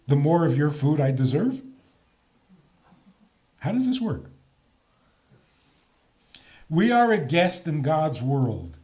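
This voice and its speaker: An older man, a rabbi, giving a talk on faith with jokes and rhetorical questions. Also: on the high side. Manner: animated, joking, rhetorical questions.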